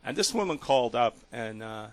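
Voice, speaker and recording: A talk radio host tells a story earnestly and emotionally, restarting haltingly as he goes. His voice is medium-pitched with big pitch swings, and there's no echo.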